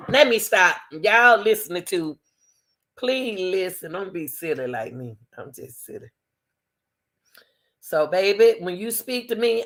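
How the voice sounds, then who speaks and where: A woman's voice: mid-range voice, fairly bright tone. A woman, hosting her channel and talking casually to camera, playful and teasing, laughing often and calling people baby and sweetie. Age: 60s. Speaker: channel host.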